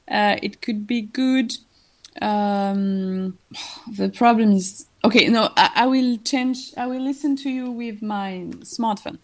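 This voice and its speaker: High-voiced teacher on a call. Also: female voice, darkish tone. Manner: explains words, switching between English and French. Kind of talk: online class lesson. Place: online voice call.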